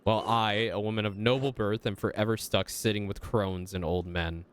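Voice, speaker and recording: A resentful young nun of noble birth complains about the life forced on her, read out plainly by a man in his own lowish voice. The lines come as game dialogue read at the screen, with a faint hiss behind. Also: steady tone, normal speed, natural voice. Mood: bitter.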